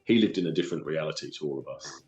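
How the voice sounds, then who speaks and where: A man from London with a London accent, a guest telling stories from his life in an earnest, halting way with many restarts. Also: extremely low pitch, a little mellow, reverberant, soft background music. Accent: London English. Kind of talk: casual storytelling interview.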